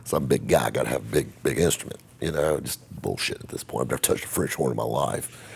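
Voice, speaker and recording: A man's voice: very deep voice, fast talker, vocal fry, breathy edge. A middle-aged man telling a rambling, folksy, self-mocking story to camera as the host of his own show.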